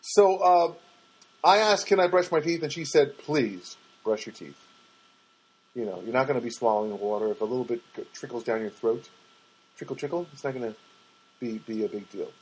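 Husky man telling a rambling story. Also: fairly quick, darkish tone, rough recording. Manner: rambling, self-mocking, mimics others in a high voice. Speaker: podcast host and stand-up comic. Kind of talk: casual storytelling monologue. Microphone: podcast microphone.

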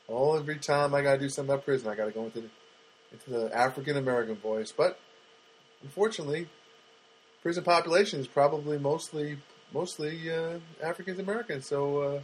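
Husky middle-aged man rambling comically. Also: on the high side, sing-song, low-quality recording. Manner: halting and rambling, with many fillers and restarts; dry, self-mocking. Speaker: podcast host. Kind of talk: rambling comedic monologue.

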